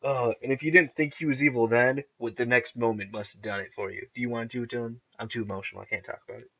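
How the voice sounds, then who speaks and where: Excitable young man, bright voice, lo-fi. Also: medium pitch, quick pace. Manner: excitable, laughs often, acts out characters' lines. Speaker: podcast co-host. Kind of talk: casual chat recapping TV episodes. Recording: dull lo-fi recording.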